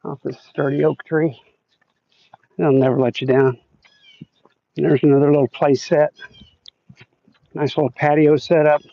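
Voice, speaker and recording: A gravelly, slightly high male voice with flat, unhurried delivery and long pauses carries a casual livestream as the host walks outdoors through a neighborhood. He chats and reads viewer comments aloud, and the recording is dry with dull lo-fi sound.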